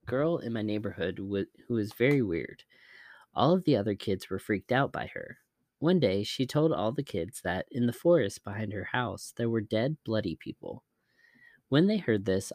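A man narrating scary stories in a measured, even storytelling manner. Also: fairly low pitch, no room sound, studio quality.

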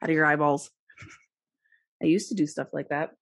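A woman's voice: low voice, fairly even intonation, moderate pace. A young woman co-hosting a podcast, bantering playfully and swearing in casual chat. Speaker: podcast co-host.

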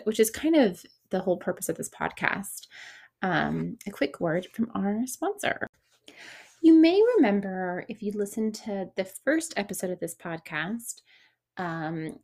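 A woman's voice: mid-range voice, vocal fry, darkish tone. Chatty upbeat woman podcast host. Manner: chatty and upbeat, with quick laughs and self-interruptions. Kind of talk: casual podcast chat.

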